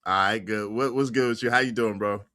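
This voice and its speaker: An excitable man hosting a reaction livestream, laughing and repeating himself as he talks to his chat. His voice is bright and forceful, and the sound is close and dry with no room around it. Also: fairly low pitch, brisk, dry recording. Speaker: livestream host.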